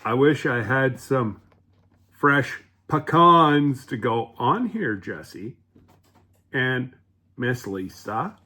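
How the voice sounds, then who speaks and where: A man's voice: medium pitch, expressive, extremely slow, sharp tone. A man casually rambling through a home cooking vlog, chatty and full of fillers, restarts and asides.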